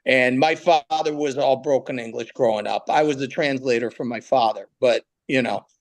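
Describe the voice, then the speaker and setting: A man, a comedian, chatting in an interview as an animated storyteller. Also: medium pitch, normal speed. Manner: animated storyteller, breaks into voices. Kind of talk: casual interview chat.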